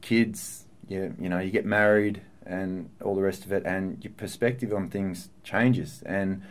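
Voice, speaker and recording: Man, 30s, pro footballer guest: lowish voice, candid, thoughtful, halting. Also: fairly even intonation. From Australia. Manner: earnest, reflective, with frequent fillers and restarts. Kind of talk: candid podcast interview.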